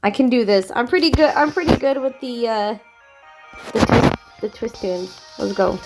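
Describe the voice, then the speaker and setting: High-voiced giggly woman gushing over a game. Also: moderate pace, loud music behind the voice. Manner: giggly, gushing, excitable reactions. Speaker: gaming video creator. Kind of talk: casual game commentary.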